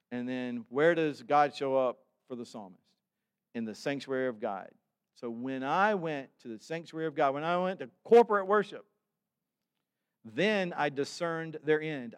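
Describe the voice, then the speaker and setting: A man preaches a sermon in a slightly high voice, moving from loose, chatty asides full of restarts into louder, more emphatic readings of scripture. His delivery is conversational and earnest, as if talking directly to the congregation. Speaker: pastor.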